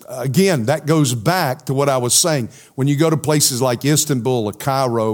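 A middle-aged man delivering a sermon at an unhurried, deliberate pace. His voice sits in a middle register and turns emphatic, then drops low and soft for his key points. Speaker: preacher. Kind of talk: sermon with questions from the congregation.

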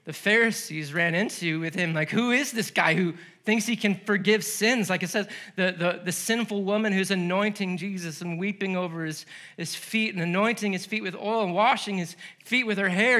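A male pastor preaching a sermon, animated and laughing as he acts out the story's voices. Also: high voice. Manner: laughs between lines.

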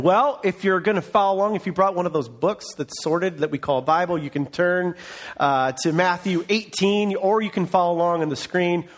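Earnest, conversational male pastor. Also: on the high side. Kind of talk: sermon.

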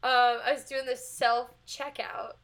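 A young woman with a high, bright voice chats loosely on a podcast. She tells her stories with animated energy, curses freely, and breaks into big laughs. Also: a little slow. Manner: animated storyteller, swears freely, laughs loudly. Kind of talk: casual chat.

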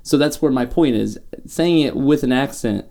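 A man with a gravelly, mellow voice rambles through a casual podcast chat. He is argumentative and keeps circling back to his point. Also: mid-range voice, moderate pace. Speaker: podcast co-host.

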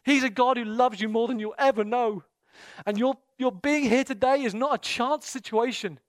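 A man preaching an impassioned sermon and leading prayer in a church, his delivery swinging between hushed intensity and loud, fervent bursts. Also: very high-pitched, moderate pace, dry recording, studio quality. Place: church meeting room.

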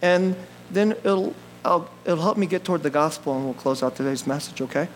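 A male pastor delivers a sermon in a high, bright-sounding voice. He jokes with the congregation, laughs easily and moves from excited outbursts to soft, low asides. A faint hum sits under the recording. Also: a little fast, low-quality recording. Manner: animated and jokey, laughs often, swings from loud bursts to quiet asides.

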